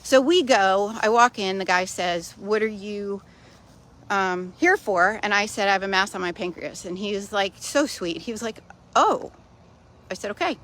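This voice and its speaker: A woman talks straight to her audience in a casual personal video update. Her pitch sits in a middle range, and she tells the story plainly with a dry, wry humor. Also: normal speed, a bit bright. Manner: chatty storytelling, matter-of-fact with wry humor. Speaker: vlogger sharing personal news.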